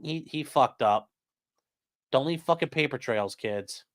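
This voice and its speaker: A man's voice: medium pitch, animated, unhurried. A man hosting a casual live stream, reading a document aloud and rambling to his chat with crude jokes and swearing. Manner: rambling, profane, jokey asides to chat. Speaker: livestream host.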